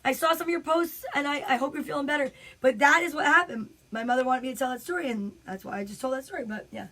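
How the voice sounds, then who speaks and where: Animated New woman comic, high voice, casual home storytelling. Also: fast. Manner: animated, chatty, frequent asides. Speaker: comedian.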